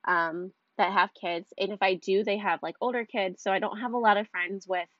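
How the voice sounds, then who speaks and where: A woman's voice: medium pitch, fairly even intonation, moderate pace, a bit bright, no echo. Young woman, stuffy nose, rambling casual vlog chat, dry close sound, a bit muffled. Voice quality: chatty, rambling with lots of "like" fillers. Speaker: mom vlogger.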